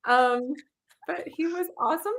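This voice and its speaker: A woman's voice: sits high, a bit bright. Upbeat woman hosting an interview. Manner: upbeat, quick to laugh. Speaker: host. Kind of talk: casual interview chat.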